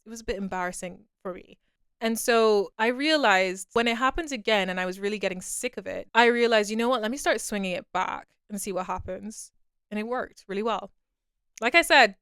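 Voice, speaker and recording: A woman's voice: mid-range voice, a bit bright, clean tone, dry recording, clean studio sound. Candid young woman, podcast monologue. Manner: candid, confessional, repeats herself. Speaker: podcast host.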